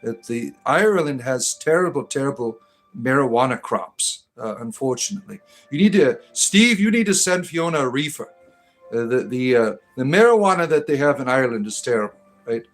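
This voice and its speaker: A middle-aged man chatting casually on a livestream, talking to viewers in a rambling, halting way with frequent fillers and restarts. His voice sits at a medium pitch for a man. Faint music plays underneath. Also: lively intonation, rough recording. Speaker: livestream host.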